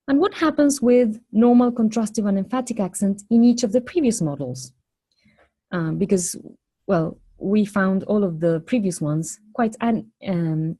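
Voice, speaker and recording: A woman lecturing on phonology, explaining step by step in a measured way and posing questions to the class. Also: medium pitch, warm tone, slightly rough.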